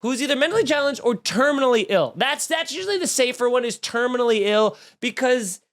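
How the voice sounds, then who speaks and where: A man's voice: very high voice, animated, a little fast, fairly bright tone. A man hosting a comedy podcast, riffing in a snarky, profane monologue full of mock outrage. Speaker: podcast host.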